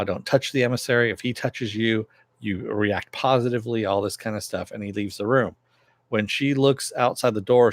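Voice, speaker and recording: A man's voice: fairly low pitch, dry recording. A man casually recapping a TV episode, rambling with many fillers and loosely acting out the characters' lines. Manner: rambling, filler-heavy, loosely acts out quotes. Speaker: TV episode reviewer.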